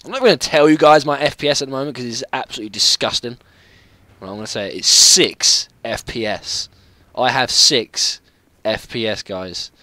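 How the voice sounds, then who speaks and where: A young man giving casual, chatty commentary while playing a video game, apologetic and quick to yelp at what happens on screen. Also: mid-range voice, sharp tone, dry recording. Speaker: gaming channel host.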